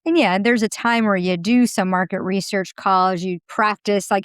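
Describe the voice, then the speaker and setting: A woman hosting a podcast conversation, talking in an animated, emphatic way with quick asides. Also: medium pitch, clear, resonant tone, dry recording. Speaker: podcast host.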